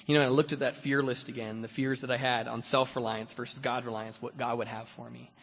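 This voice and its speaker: A man telling his own recovery story to a meeting, swinging from quiet asides to loud, excited bursts as he acts out other people's lines. The sound is dull and lo-fi, with a long hall echo around his voice. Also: medium pitch, fast. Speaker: guest speaker at a recovery meeting. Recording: echoey hall, dull lo-fi recording.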